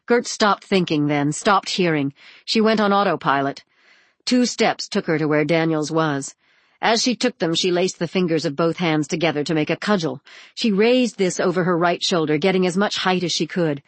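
A woman reads an audiobook in a steady, expressive way. Her voice sits fairly low. The sound is close and dry. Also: normal speed, dry recording. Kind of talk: audiobook narration.

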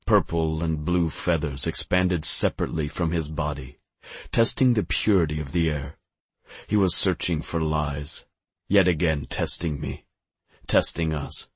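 A man narrating an audiobook in the first person with a steady, grave delivery. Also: very deep voice, a little slow, slightly rough, dry recording.

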